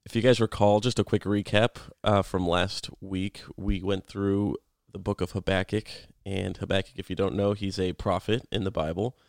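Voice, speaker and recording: A man in his thirties co-hosting a podcast, explaining a Bible book in a relaxed, rambling way. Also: low voice, moderate pace, creaky, few pauses, dry recording, clean studio sound. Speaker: podcast co-host. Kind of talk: casual Bible study chat.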